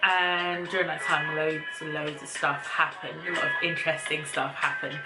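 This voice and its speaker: A young woman vlogger casually telling a personal story to camera in a chatty, animated way, with slang. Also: low-pitched, moderate pace, over loud music, poor audio.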